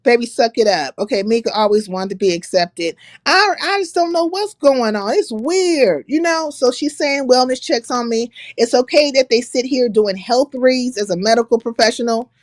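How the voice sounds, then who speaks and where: A woman's voice: on the high side, lively intonation, normal speed, hardly any pauses, no echo. A woman hosting a livestream, casually reading out another creator's words and rebutting them with blunt, profane sarcasm. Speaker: livestream host.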